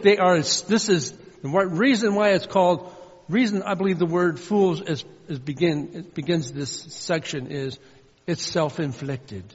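A man preaches in earnest, his voice pitched a bit high as he swings from loud stressed lines down to soft, low asides. The sound is somewhat muffled and dull. Long reverb trails each phrase, as in a large church hall. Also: a little slow, slightly rough. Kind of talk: sermon.

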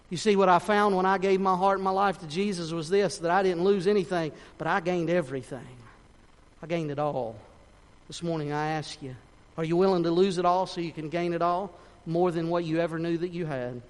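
Man preaching, kinda high voice, big church reverb, gets loud then goes soft. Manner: impassioned, rising to near-shouting peaks then dropping soft. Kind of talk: sermon with altar call and prayer. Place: church sanctuary.

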